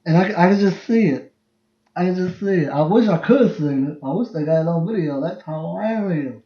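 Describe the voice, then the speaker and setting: On a phone livestream, a podcast host in his 20s tells family stories casually, rambling, laughing and going over the same ground. His voice sits high and he talks a little fast. Expect roomy, dull lo-fi sound.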